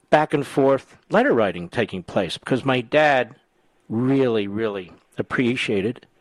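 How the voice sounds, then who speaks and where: Talk radio host, man in his 60s, lively teasing delivery, dry studio sound. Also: mid-range voice, no room sound. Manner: animated, teasing, chatty. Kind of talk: talk radio chat and monologue. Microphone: studio mic.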